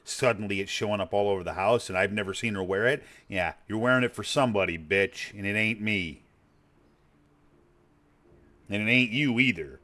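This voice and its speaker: Gamer streamer, man in his forties, low voice, swears freely, wanders off topic. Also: normal speed, sharp tone. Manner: blunt, profane, rambling. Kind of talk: casual chat while gaming.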